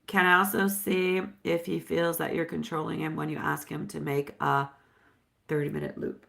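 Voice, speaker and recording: A woman's voice: deep voice, flat delivery, normal speed, gravelly, fairly bright tone. A woman doing a live-stream tarot reading, chatty and affectionate, dropping Italian phrases as she answers viewers. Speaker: tarot reader.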